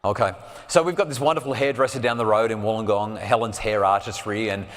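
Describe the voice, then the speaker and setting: A fairly low-voiced man tells a personal story to a live audience, earnest and sometimes sinking to a near hush. His voice rings out with a long reverb in a large hall. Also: fairly even intonation, fast talker. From Australia. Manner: earnest, drops to a soft hush at emotional moments. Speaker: parenting speaker.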